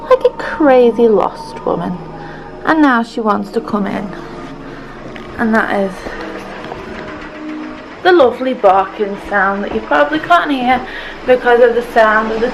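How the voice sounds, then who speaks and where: Slow, gravelly-voiced woman vlogging. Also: on the high side, poor audio. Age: 20s. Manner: chatty, rambling, self-mocking. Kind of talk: casual vlog chat to camera. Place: at home indoors.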